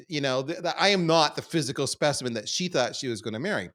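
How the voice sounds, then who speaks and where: A middle-aged man from Canada, a podcast guest, telling stories about his life in a candid, self-deprecating way that swings between quiet asides and loud bursts. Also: mid-range voice, lively intonation, quick pace. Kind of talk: candid conversational storytelling.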